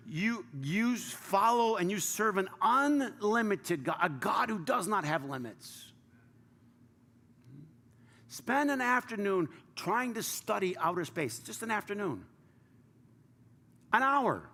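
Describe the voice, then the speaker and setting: A man pastor delivers a passionate sermon in a high, gravelly voice. He swings from loud, urgent pleading down to hushed, near-whispered lines. The sound carries a long church-hall reverb with faint ambience behind it. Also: sing-song, takes it slowly, pauses often.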